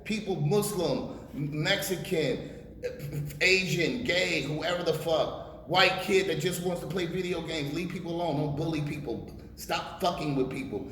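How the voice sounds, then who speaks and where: A man's voice: on the high side, unhurried, fairly bright tone. A man in his forties, a rapper being interviewed, talking bluntly and emphatically with a lot of swearing. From United States. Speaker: rapper guest. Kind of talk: casual interview talk. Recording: echoey room with long reverb and faint hiss.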